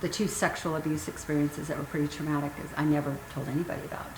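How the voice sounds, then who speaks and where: A woman's voice: low voice, little pitch movement. A woman in her fifties, a guest author telling her personal story candidly and emotionally. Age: 50s. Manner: earnest, emotional, pauses with ums. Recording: roomy sound with faint noise.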